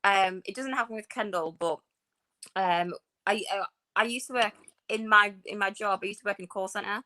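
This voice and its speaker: A woman with a softened Northeast English accent, chatting as a podcast co-host in an animated, storytelling way. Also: mid-range voice, normal speed. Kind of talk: casual chat.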